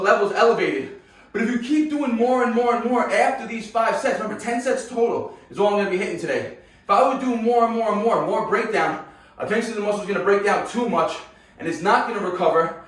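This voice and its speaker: A man's voice: high-pitched, fairly quick, fairly bright tone. A man coaching a workout in a casual way, often checking in with his viewers. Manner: casual, keeps checking in with "right?" and "guys". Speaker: fitness coach. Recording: echoey room, far from mic, music behind.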